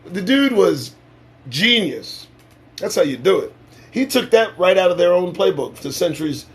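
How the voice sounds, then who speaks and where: A man's voice: sits high, sing-song, normal speed, breathy edge. A man hosting a casual live-stream show, talking in a profane, sarcastic and preachy way. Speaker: livestream show host.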